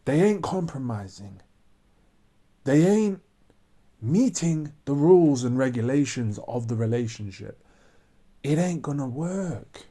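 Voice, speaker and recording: A man's voice: medium pitch, very animated, a little slow, long pauses, warm tone. A man ranting to camera in a preachy monologue, repeating his points with emphasis. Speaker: vlogger.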